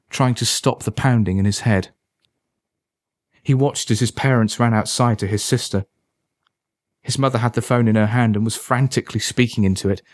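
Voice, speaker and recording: A man reading a dark story aloud in a measured, dramatic manner. His voice sits on the low side. It is recorded close on a studio mic with a dry sound. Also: dry recording. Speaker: narrator. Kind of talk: scripted narration of a dark story.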